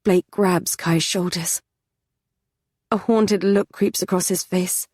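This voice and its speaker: A woman narrating a fantasy audiobook in the first person, measured and even. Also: on the low side, husky, no echo, studio quality.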